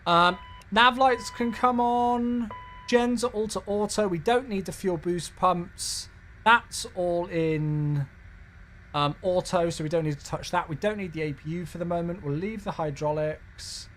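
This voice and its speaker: A man's voice: high-pitched, unhurried, fairly bright tone, a little hiss or hum. A man giving chatty live commentary while streaming a flight simulator and cheerfully greeting viewers.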